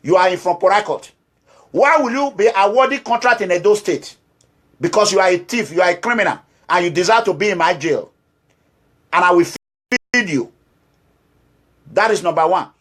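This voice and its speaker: Impassioned high-voiced Nigerian man. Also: lively intonation, fairly quick, fairly bright tone. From Nigeria, Edo State. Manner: scolding and pleading, repeats phrases. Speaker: activist leader. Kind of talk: impassioned political address.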